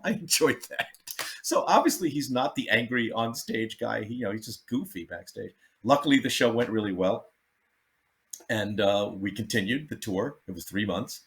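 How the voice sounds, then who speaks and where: A man, a comedian guest, telling backstage stories in a casual, animated way and acting out the people he quotes. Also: medium pitch, fairly quick. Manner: animated, acts out quotes, laughs often. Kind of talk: casual storytelling.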